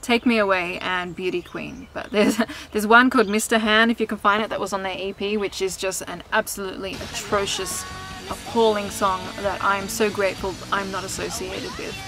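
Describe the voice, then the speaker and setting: A woman's voice: medium pitch, steady tone, normal speed, music in the background, low-quality recording. A young woman chatting candidly to camera outdoors in a vlog, laughing often and swearing casually. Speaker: vlogger and singer. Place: outdoors in sunshine.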